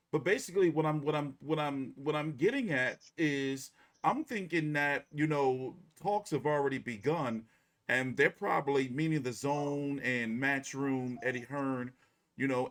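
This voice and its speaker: Rambling male podcast host. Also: mid-range voice. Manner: rambling, many fillers and restarts. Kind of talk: casual podcast chat.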